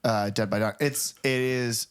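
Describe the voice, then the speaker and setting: A man's voice: on the low side, fairly even intonation, unhurried, clean tone. A man co-hosting a podcast in casual chat, telling stories in a rambling way with lots of fillers and swearing. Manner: rambling storyteller, profane, many fillers. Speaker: podcast co-host.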